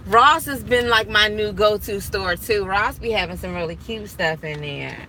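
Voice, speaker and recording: A young woman talks to her viewers from a parked car, rambling through stories and breaking into laughter. Her pitch sits in an ordinary middle range. Steady street noise carries in from outside. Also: moderate pace. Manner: chatty, storytelling, laughs often. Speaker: vlogger and property manager. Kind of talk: casual live chat to viewers.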